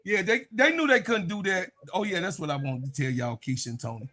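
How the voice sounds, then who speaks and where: A man's voice: sits high, a little fast, sharp tone. A man on a sports talk panel, blunt and profane, who repeats himself.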